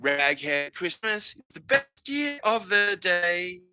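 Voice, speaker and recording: A man's voice: sits high, big pitch swings, takes it slowly, noisy background. A man hosting a rambling solo podcast monologue, profane and mocking, breaking into laughs and filling gaps with ums and restarts. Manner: profane, sarcastic, mocking, laughs mid-sentence; many fillers and restarts. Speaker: podcast host.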